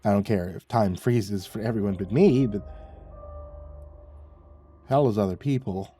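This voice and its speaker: A man reading a horror story aloud as a narrator, in a wry, measured manner. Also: fairly low pitch, warm tone, soft background music.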